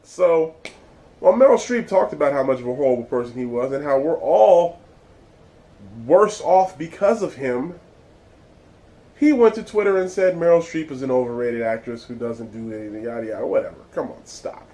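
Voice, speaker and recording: A man's voice: mid-range voice, lively intonation, normal speed, warm tone, low-quality recording. A man hosting his own vlog, giving blunt, exasperated and profane commentary. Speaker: vlog host. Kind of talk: casual ranting commentary.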